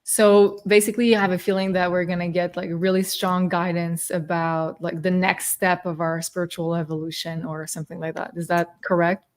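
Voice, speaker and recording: A woman's voice: on the low side, normal speed, few pauses. A woman hosting an astrology show, talking casually and loosely with frequent fillers. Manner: relaxed, searching, frequent fillers. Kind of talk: casual spiritual chat.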